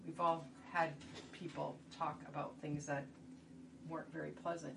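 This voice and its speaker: Workshop presenter, woman with a slightly low voice, chatty and asks "right?" a lot, mic far away. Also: level tone, moderate pace, creaky. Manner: conversational, rhetorical questions. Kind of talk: instructional talk. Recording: distant mic, noisy room.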